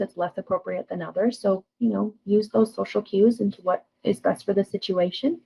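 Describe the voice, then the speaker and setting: A woman counselor giving a conversational training talk, often checking in with "right?" and acting out sample lines. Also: mid-range voice. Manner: conversational, frequent tag questions, acts out example lines. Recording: dull lo-fi sound.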